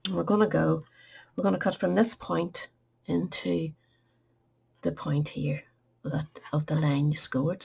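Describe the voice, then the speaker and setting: A woman's voice: sits low, creaky, a little mellow, breathy edge. A woman hosting a craft tutorial, giving chatty step-by-step instructions and sometimes dropping to a murmur.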